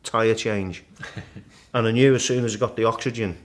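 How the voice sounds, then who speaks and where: A middle-aged man, a guest in a casual interview, vividly retelling his climb and acting out the shouts and thoughts along the way. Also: fairly low pitch, normal speed. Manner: animated storyteller, acts out his own shouts and thoughts. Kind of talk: storytelling in casual conversation.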